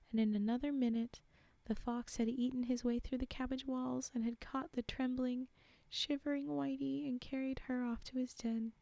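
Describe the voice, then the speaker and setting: A young woman streamer reading fairytales aloud in a soft, often half-whispered voice. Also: fairly high pitch, no echo. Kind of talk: live-stream story reading.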